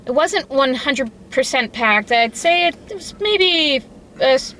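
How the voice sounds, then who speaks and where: A woman's voice: sits high, lively intonation, measured pace, a bit bright, slight background noise. A woman co-hosting a casual movie review, mostly giving short agreeing replies. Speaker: co-host.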